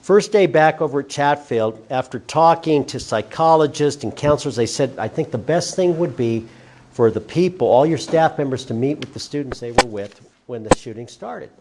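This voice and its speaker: A man's voice: mid-range voice, animated, moderate pace, darkish tone. A middle-aged man, speaking earnestly as a guest speaker telling personal stories to a class. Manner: earnest storytelling, quotes others. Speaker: guest speaker, former school principal.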